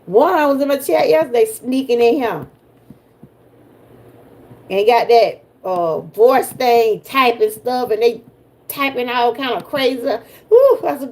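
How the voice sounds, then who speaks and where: A woman's voice: on the high side, lively intonation, unhurried, a little mellow. An older woman with a Southern US accent, from Georgia, hosting a casual livestream chat and talking straight to her viewers in a folksy way. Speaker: livestream host.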